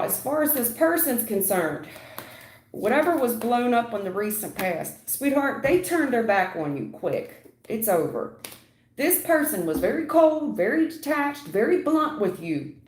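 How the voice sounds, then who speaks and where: A woman's voice: mid-range voice, animated, measured pace, darkish tone. A woman giving blunt live tarot readings to viewers, calling them honey and sweetheart, lecturing and keeping it real. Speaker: tarot reader. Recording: echoey room.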